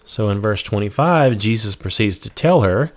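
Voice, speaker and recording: At a normal speed and in a voice on the low side, a man leads an informal Bible study. He reads a verse, restates it in everyday terms, and fills gaps with "um" and "you know".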